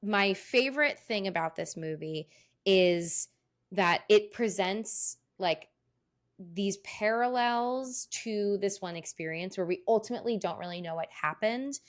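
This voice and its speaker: A woman's voice: medium pitch, measured pace. A woman co-hosting a podcast, chatting casually, laughing often and swearing offhandedly. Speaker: podcast co-host. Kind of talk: casual chat.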